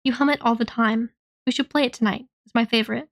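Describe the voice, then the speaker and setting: A woman voicing a caring young female friend who talks in a gentle, steady, reassuring way while reading a story aloud. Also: a little high, fast, vocal fry, no echo, studio quality. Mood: calm, coaxing.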